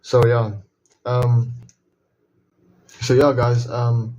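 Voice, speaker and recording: A man's voice: medium pitch, level tone, darkish tone, a little hiss or hum, low-quality recording. A man hosting a casual devotional Bible talk, earnest, often repeating and restarting his phrases. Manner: earnest, repeats and restarts phrases, slows to read verses aloud. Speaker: Bible reading video host.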